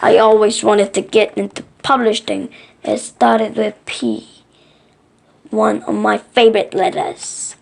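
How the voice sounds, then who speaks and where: A woman voicing an eager, earnest male filing monster in a storybook read-aloud, speaking slowly and deliberately. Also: medium pitch, fairly even intonation, creaky, exaggerated voice.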